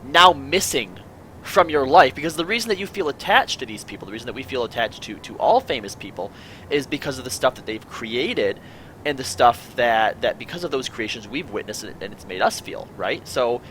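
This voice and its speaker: A man's voice: medium pitch, expressive, brisk, fairly bright tone, slight background noise, rough recording. A man hosting a casual panel chat, asking his guests questions and rambling through his own musings. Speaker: podcast host.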